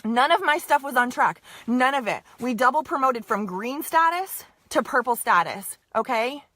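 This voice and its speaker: A woman's voice: high voice, lively intonation, moderate pace, bright, forceful tone, dry recording. A young woman leading a sales team, giving an emphatic, repetitive motivational pep talk on a live stream to her viewers. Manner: emphatic, repetitive, keeps saying "you guys" and "okay".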